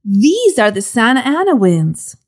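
A woman voicing a calm, matter-of-fact police dispatcher while telling her story. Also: a little high, measured pace, husky. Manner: flat and unbothered.

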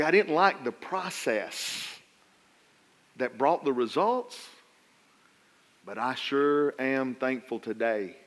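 A middle-aged pastor preaches a sermon, stammering and restarting as he shares a personal story, then rising into loud, emphatic appeals. His voice sits fairly high.

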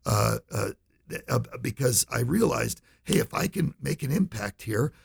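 A man's voice: mid-range voice, expressive, unhurried, creaky, slightly rough. A middle-aged man, a financial advisor, telling a story in an interview and acting out the voices he quotes.

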